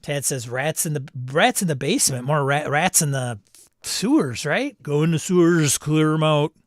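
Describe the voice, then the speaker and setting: A man's voice: fairly high pitch, expressive, moderate pace, no room sound, clean studio sound. A man hosting a live stream, chatting casually, reading viewer comments aloud and laughing often. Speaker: livestream host reading chat. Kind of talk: casual chat.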